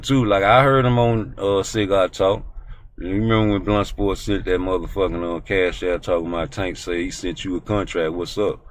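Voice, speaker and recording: A man hosting a boxing talk show, ranting in a profane, animated way. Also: low-pitched, moderate pace, a little hiss or hum. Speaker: host.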